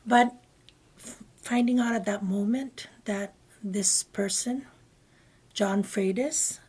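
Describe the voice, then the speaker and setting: A woman guest telling a personal story in conversation, rambling and often dropping into breathy half-whispered asides. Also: medium pitch, slow pace, a little mellow. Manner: meandering, with many fillers and restarts. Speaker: interview guest.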